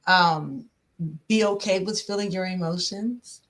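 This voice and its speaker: A woman relationship coach talking casually on a podcast, animated, laughing often and pausing on "um". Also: fairly low pitch.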